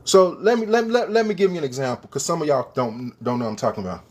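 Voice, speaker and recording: High, animated man ranting. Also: fast. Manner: emphatic, repeats rhetorical questions; addresses the viewers directly. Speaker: commentator. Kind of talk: opinion rant to camera.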